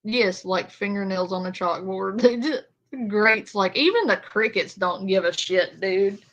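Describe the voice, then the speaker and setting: A woman's voice: mid-range voice, measured pace, dull audio. A woman streamer giving casual, sarcastic commentary on a clip, blunt and swearing. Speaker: reaction streamer.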